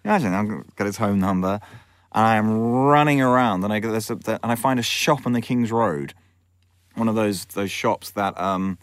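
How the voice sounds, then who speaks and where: A man, a film director, telling frank, animated anecdotes in an interview and acting out other people's voices. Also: fairly low pitch, normal speed, smooth, no echo. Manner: lively storyteller who acts out the voices of others; frank, with swearing and self-corrections.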